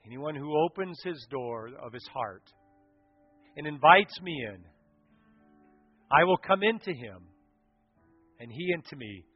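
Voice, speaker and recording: A pastor preaching a sermon, telling stories with animation and swinging from loud to hushed. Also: male voice, mid-range voice, slightly rough, no room sound. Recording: dull lo-fi sound.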